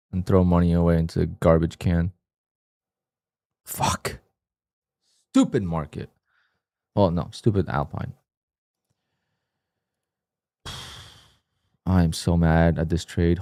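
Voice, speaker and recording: A man with a deep, low voice talks through his day trading as it happens, muttering, cursing and scolding himself with sudden frustrated outbursts. The sound is dry and close to the mic, with no room around it. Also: mellow, dry recording. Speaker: day trader streaming his trades. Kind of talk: live trading commentary.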